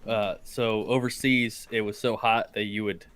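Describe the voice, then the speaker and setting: A man's voice: on the low side, fairly even intonation, a little slow, a bit bright. A young man hosting a podcast, telling crude, profane stories with lots of laughter in casual chat. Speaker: podcast host.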